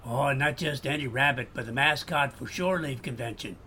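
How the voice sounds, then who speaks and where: A man with a Boston accent playing a customer who pitches items persuasively. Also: moderate pace, sharp tone, slightly rough. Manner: salesy, persuasive. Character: friendly male customer selling a clock.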